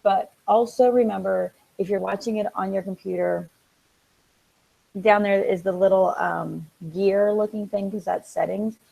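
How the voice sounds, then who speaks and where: A woman hosting a casual live stream, chatting excitedly with viewers, reading out their comments and filling pauses with ums and restarts. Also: medium pitch, vocal fry, low-quality recording. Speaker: livestream host.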